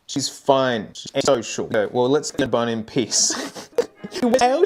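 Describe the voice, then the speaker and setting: A man's voice: on the high side, a little slow, soft background music. A man streaming and vlogging in casual chat, rambling and laughing often.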